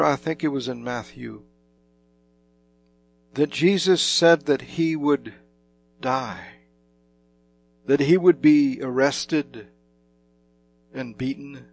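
A man preaching a sermon slowly and emphatically, with dramatic swings in loudness. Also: fairly high pitch, vocal fry.

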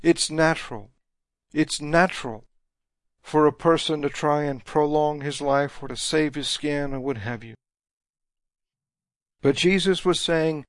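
A man's voice: on the high side, no room sound, clean studio sound. A man preaching a sermon, reading scripture and retelling it in plain, emphatic paraphrase. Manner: slow, emphatic Bible teaching with paraphrased dialogue.

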